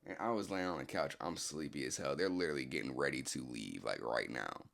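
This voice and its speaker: A laid-back man tells a rambling, slang-heavy story to a friend, his voice deep and gravelly. He talks into a game headset during an online party chat, restarting sentences as he goes. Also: a little fast, a bit bright. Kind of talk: casual storytelling. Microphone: game headset in a console party chat.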